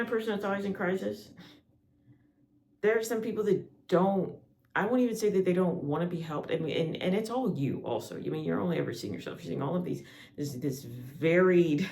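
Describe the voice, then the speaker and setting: A man's voice: on the high side, darkish tone. A man hosting a spiritual podcast, talking in a loose monologue with frequent restarts and asides. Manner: rambling, many restarts and asides. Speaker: podcast host.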